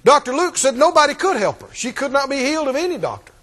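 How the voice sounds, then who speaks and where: A man's voice: very high-pitched, sing-song, fast talker, bright, forceful tone, in a large hall. A man preaching a sermon, emphatic and repetitive, drawing call-and-response from the congregation.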